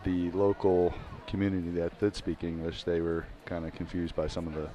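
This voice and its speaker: A man's voice: sits low, steady tone, a little fast, dull audio, a little hiss or hum. A man with a South Philadelphia accent, doing easygoing color commentary on a live football match from a booth. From Philadelphia, USA. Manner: easygoing, jokey.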